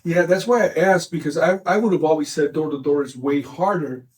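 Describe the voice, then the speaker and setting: A man's voice: on the high side, fairly quick, darkish tone. A middle-aged man hosting a podcast, interviewing his son and encouraging him with leading questions. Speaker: podcast host, the guest's father.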